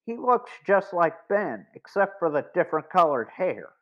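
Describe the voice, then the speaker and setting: Guy reading as a teen boy sleuth, urgent clipped orders, high voice, dull recording. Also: big pitch swings, moderate pace. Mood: hushed. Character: teenage boy detective, quick and commanding.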